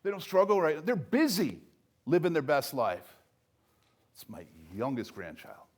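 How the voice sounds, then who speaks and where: An older man speaks to an audience in a motivational style, his voice sitting a bit high for a man. He punches key words loudly, then sinks into quiet, low asides. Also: wildly swooping pitch, a little slow. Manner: emphatic, swings between loud punches and soft lows. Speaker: speaker at a recovery event. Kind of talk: motivational speech.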